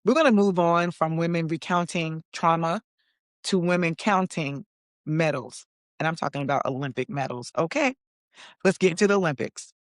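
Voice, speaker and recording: A woman's voice: on the low side, normal speed, no echo, studio quality. A woman in her forties hosting a talk show, chatting with sass and calling her listeners "honey". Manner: sassy, chatty, says "honey" and "okay". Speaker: podcast host. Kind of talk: casual opinion commentary.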